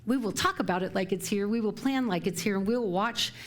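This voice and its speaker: A woman's voice: mid-range voice, a little fast. Chatty woman minister giving a sermon. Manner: chatty and warm, laughing often while telling stories. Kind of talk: sermon talk. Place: church sanctuary before a live congregation.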